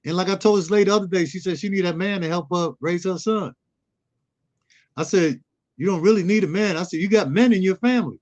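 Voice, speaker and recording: High-voiced middle-aged man telling stories. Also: fast talker, a little mellow, lo-fi sound. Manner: storytelling, acts out quoted dialogue. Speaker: guest, youth mentor. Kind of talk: casual conversational interview.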